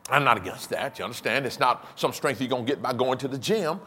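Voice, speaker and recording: A pastor in his sixties preaches a sermon in a medium-pitched, expressive voice that is fast, sharp and breathy-edged. He uses emphatic repetition and call-and-response, adding chuckling asides to the congregation.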